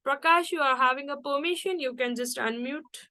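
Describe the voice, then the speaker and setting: A woman teaches an online English class over a video call. Her voice sits a little high, and she moves through each point step by step, stopping often to say "okay" or "guys" to her students. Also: a little fast, pushed and bright.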